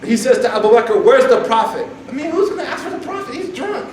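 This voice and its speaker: A man giving a casual, humorous religious talk to a campus group, animated and jokey, acting out quotes. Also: extremely high pitch, quick pace, a crowd in the background. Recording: echoey hall from far off, noisy.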